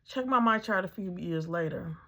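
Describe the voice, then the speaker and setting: A woman's voice: lowish voice, animated, normal speed, fairly bright tone. A middle-aged woman, a mother, telling her own story in a casual, conversational way, full of ums and acting out her own thoughts.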